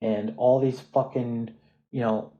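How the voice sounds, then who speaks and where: A man's voice: mid-range voice, little pitch movement, takes it slowly, lo-fi sound. Profane, ranting American man. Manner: profane, restless, frequent restarts and fillers. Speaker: vlogger. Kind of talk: ranting monologue.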